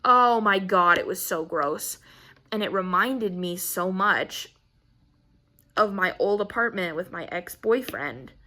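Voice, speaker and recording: A young woman hosting a casual craft-channel chat, telling a story in an animated way and swearing freely. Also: mid-range voice, slow.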